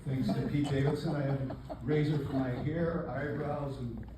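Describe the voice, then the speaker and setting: An older man performing a stand-up comedy set on a club stage, with a deadpan, self-mocking delivery. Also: medium pitch, moderate pace, background noise. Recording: echoey live club, distant mic. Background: audience laughter.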